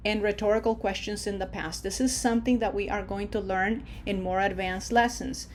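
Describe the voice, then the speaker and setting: A woman's voice: medium pitch, fairly even intonation, normal speed, slight background noise. A woman teaching a recorded language grammar lesson, explaining step by step and drawing out the model words carefully. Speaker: Spanish teacher.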